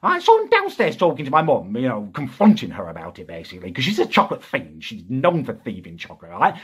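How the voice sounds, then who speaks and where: A young man in a comedic rant, exasperated and indignant, with sudden high-pitched outbursts. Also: wildly swooping pitch, quick pace, a bit bright, husky. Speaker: comic ranting character.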